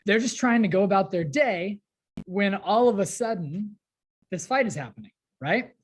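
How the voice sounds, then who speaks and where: A woman's voice: medium pitch, expressive, normal speed, slightly rough. A woman teacher casually explaining a play, paraphrasing lines in chatty modern slang.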